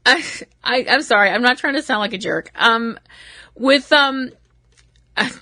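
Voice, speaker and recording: Bright-voiced woman recapping wrestling, giggly. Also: on the high side, measured pace, dry recording. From Massachusetts. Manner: rambling and self-deprecating, laughs at herself. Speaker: podcast host.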